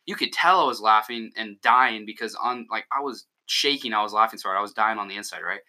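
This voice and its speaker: A teenage guy co-hosting a loose podcast with friends. His voice is very bright and forward, and he jokes constantly and cracks up often. He talks over the others. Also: fairly low pitch, fast. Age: teens. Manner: joking, laughs a lot, talks over others. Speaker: podcast co-host. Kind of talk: casual chat.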